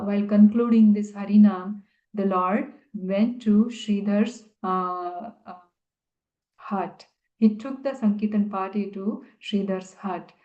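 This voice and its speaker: A woman telling a devotional story in a talk, hesitant with many pauses and fillers. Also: medium pitch. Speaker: devotional speaker. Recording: echoey, dull-sounding room.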